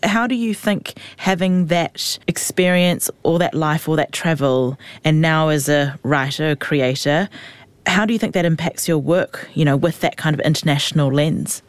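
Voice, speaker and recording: A woman with a fairly low voice asks questions as an interviewer. She sounds attentive and encouraging. Her voice is recorded close and dry, with no room sound. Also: moderate pace, no room sound. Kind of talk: casual interview.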